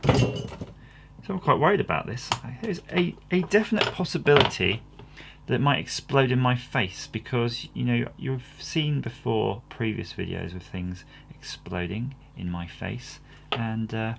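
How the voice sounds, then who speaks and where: Give me a man with a gravelly voice casually talking through a kit build, self-deprecating and rambling. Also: medium pitch, expressive, measured pace, heavy background noise. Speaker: electronics kit builder, channel host. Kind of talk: casual workbench commentary.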